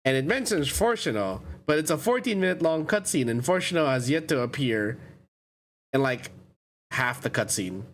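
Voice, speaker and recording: A man's voice: fairly high pitch, lively intonation, moderate pace, a little hiss or hum. A young man streaming a video game, chatting casually and rambling with frequent self-corrections. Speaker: VTuber streamer. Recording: faint game music behind.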